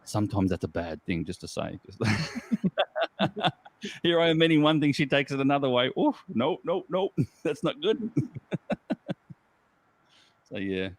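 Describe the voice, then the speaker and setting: A man's voice: mid-range voice, big pitch swings, a little slow, pauses often. A man from Australia with an Australian accent, chatting as a guest in a casual online group chat, rambling and jokey with frequent laughs. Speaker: guest geocacher.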